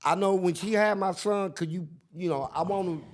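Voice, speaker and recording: A man's voice: high voice, moderate pace. An older man telling a story in casual chat, acting out the people he quotes. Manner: animated, acts out quotes in different voices. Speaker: guest.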